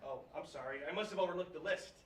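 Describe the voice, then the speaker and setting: A man's voice: a little high, fast talker, distant mic, close to an everyday voice. A man playing a polite, hesitant actor at an audition in a live comedy sketch. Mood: awkward. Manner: hesitant, polite, then a loud mocking outburst. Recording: roomy stage audio from afar with audience.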